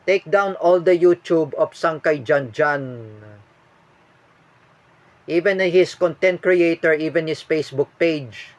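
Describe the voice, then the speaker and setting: A man with a Filipino accent giving a personal video statement as a vlogger, halting and full of fillers and restarts. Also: a little high, no echo, highs cut off.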